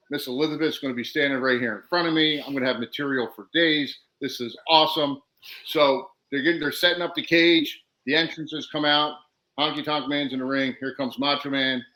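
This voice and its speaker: A man's voice: mid-range voice, pushed and bright, poor audio. A man guesting on a podcast, telling wrestling stories, laughing and acting out what people said. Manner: laughs through stories, acts out quotes. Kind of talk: animated storytelling.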